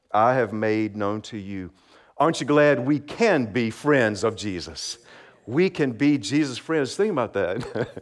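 A man preaching a simple sermon, friendly and encouraging, asking the congregation to repeat words back and laughing lightly between points. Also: medium pitch. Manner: friendly, asks for call-and-response, laughs often. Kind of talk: children's sermon.

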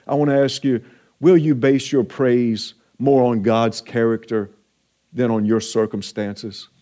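A man pastor preaching an earnest, encouraging sermon, slowing down for emphasis. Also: medium pitch, fairly even intonation, dark tone.

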